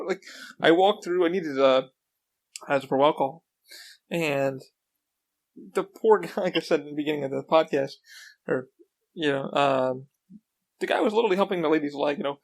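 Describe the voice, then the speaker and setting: A man hosting a podcast, chatting casually and rambling through excitable stories. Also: on the high side, brisk, vocal fry, pauses often. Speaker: podcast host. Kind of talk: casual chat.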